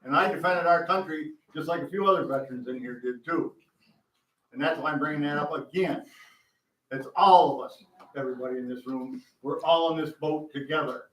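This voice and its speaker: A man's voice: a little high, brisk. A man, a veteran, speaking bluntly at a town board meeting. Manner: blunt, forceful. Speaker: resident and veteran. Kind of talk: impassioned public comment. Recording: echoey hall, from far off.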